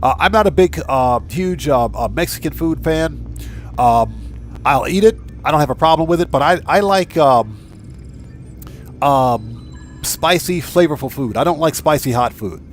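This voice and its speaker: A man's voice: on the high side, expressive, measured pace, soft background music. A man hosting a casual gaming live stream, chatting with viewers, thanking them by name and reading out their messages. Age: adult with a wife and child.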